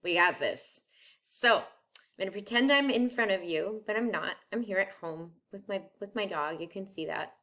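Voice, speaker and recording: A woman's voice: medium pitch, moderate pace, pushed and bright. A woman French teacher recording a lesson at home, talking in a friendly, chatty way and switching between English and French.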